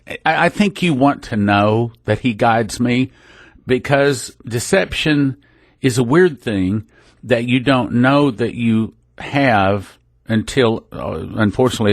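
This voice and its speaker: A man hosts a radio ministry program, talking in a casual, folksy, rambling way on religious topics and often breaking off to restart. His voice is medium-pitched, recorded on a studio microphone with no room sound.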